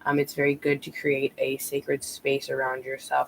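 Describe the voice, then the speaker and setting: A woman's voice: a bass voice, monotone, moderate pace, gravelly, a little hiss or hum, low-quality recording. A woman tarot reader talking casually on a live stream, rambling with many ums and restarts, a bit out of breath.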